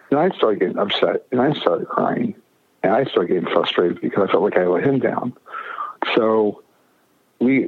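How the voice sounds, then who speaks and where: A man's voice: on the low side, breathy edge. A man telling a personal story as an interview guest, emphatic and often repeating or restarting his phrases. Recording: narrow phone-like radio audio.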